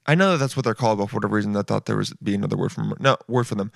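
A man's voice: lowish voice, rapid-fire, creaky, no echo, clean studio sound. A man hosting a comedy podcast, rambling through goofy, self-mocking bits in a casual monologue.

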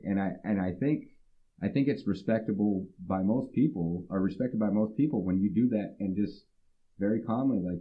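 A man's voice: on the low side, normal speed, narrow, tinny audio. A man co-hosting a podcast, speaking earnestly and reflectively, often restarting and acting out his own remarks. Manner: earnest and reflective, restarts often, quotes himself in animated asides. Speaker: podcast co-host. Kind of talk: casual podcast discussion.

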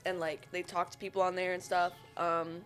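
A woman's voice: lowish voice, level tone, moderate pace, a bit bright, faint music behind. A woman chatting casually on a podcast, rambling with many fillers and restarts. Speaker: podcast co-host.

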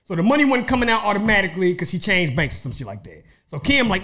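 A man telling a story in casual chat, animated and laughing often as he acts out the people in it. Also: sits high, quick pace, few pauses.

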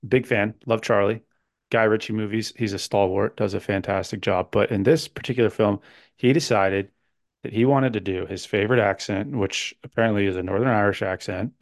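A man's voice: on the low side, fairly even intonation, brisk, no room sound, studio quality. A man hosting a podcast, chatting casually in a joking, rambling way and playfully quizzing his co-host. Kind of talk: casual chat.

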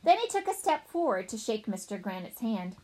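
Woman, children's audiobook narrator, playful, high voice, very lively intonation. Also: a little fast, low-quality recording. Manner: playful, animated, voicing a young boy narrator.

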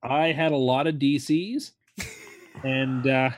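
A man's voice: medium pitch, steady tone, slow pace. A man on a sports podcast who ribs his co-hosts in a wry way. His voice sits in a middle range and sounds dry, with no room echo. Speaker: podcast co-host. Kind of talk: casual sports podcast chat.

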